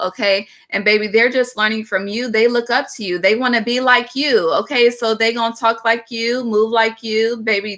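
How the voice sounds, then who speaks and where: Woman, tarot reader, bright clear tone, casual, blunt, cussing, says "okay" a lot. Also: mid-range voice. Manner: chatty, frank, peppered with "baby" and "okay" and cussing. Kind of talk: casual tarot reading monologue.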